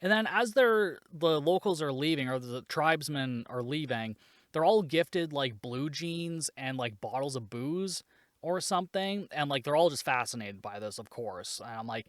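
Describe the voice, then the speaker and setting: A man's voice: medium pitch, lively intonation, moderate pace, a bit bright, dry recording, studio quality. A man hosting a solo movie podcast, recapping the plot in a sarcastic, swearing, casual way. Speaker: podcast host reviewing a movie.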